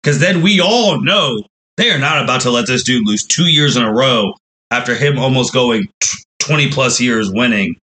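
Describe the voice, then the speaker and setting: Male podcast host, mid pitch, bright and forceful tone, casual storytelling recap that voices the fans' reactions. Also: lively intonation, moderate pace, rough recording.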